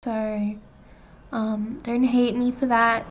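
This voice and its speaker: A woman's voice: a little high, level tone, slow pace. A woman telling an emotional story time vlog, earnest and hesitant. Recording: dull lo-fi clip audio.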